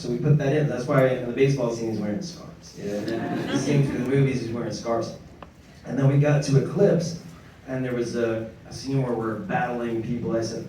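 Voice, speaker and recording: A man's voice: mid-range voice, fairly even intonation, a little fast, background noise. New york guy rambling thru stories on a con panel, laughs at himself, big echoey hall, kinda far from mic. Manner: rambling, chuckling, self-deprecating. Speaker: actor on a fan convention panel. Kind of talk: anecdotal panel storytelling. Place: large convention panel hall.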